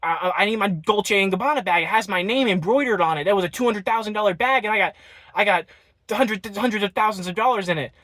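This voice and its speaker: A man's voice: sits high, fast talker, bright, forceful tone, dry recording. A man voicing an erratic, boastful drifter who rambles and repeats himself. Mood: frantic.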